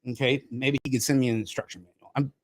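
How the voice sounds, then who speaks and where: A man's voice: mid-range voice, steady tone, quick pace. A man hosting a podcast, ranting in a heated, profane, casual way. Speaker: podcast host. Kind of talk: casual chat.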